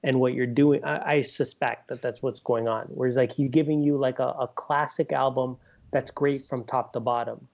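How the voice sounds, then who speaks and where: A man's voice: medium pitch, fairly even intonation, moderate pace, creaky, a little mellow. Man thinking aloud, lo-fi sound. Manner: thinks aloud, asks for agreement. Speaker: podcast co-host. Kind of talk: casual chat.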